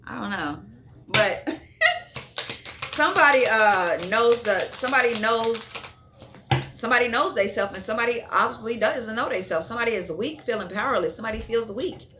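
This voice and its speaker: A woman's voice: fairly high pitch, fairly quick, noisy background. A woman giving a casual tarot reading in a blunt, profane way, repeating herself and checking in with "okay?". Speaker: tarot reader.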